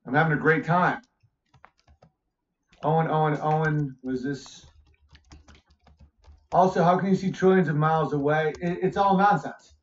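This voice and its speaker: A man's voice: on the high side, steady tone, a little slow, long pauses. Exasperated man ranting on a livestream. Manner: profane, exasperated, argumentative. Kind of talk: heated livestream rant. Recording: roomy, dull lo-fi stream audio.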